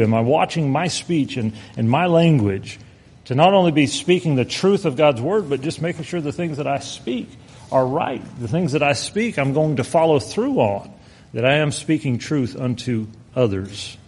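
A man preaching a sermon, earnest, slowing down to stress his points and reading scripture aloud. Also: a little high, animated, slightly rough.

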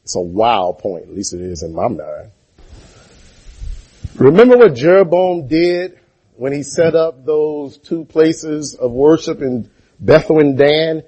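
Husky, mellow-voiced man preaching. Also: on the high side, lively intonation, slow pace. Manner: call-and-response, rhetorical questions to the congregation. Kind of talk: sermon.

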